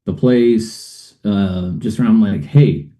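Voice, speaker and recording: A man's voice: lowish voice, slow pace, warm tone. A middle-aged man, a guest on a show, telling a personal story in a rambling way, with many fillers and uneasy laughs.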